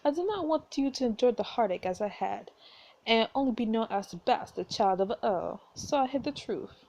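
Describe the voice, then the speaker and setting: A woman voicing a gentle dying mother who speaks softly and weakly, read aloud from a story game. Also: a little high, animated, normal speed. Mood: tender, weak. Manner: soft, faint, pleading.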